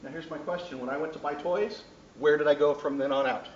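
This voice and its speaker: A high-voiced man lectures a class with lively energy, now and then shouting out a hint. He sounds distant from the mic, in a roomy hall with a dull, lo-fi recording and faint noise behind him. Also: quick pace. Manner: animated, bursts into shouted hints.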